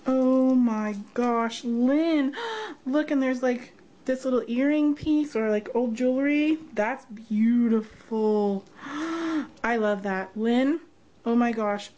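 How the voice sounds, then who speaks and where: A woman's voice: fairly high pitch, takes it slowly, warm tone, highs cut off. A woman vlogger unboxing a gift box, gushing and gasping with delight. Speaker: craft vlogger. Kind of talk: unboxing vlog.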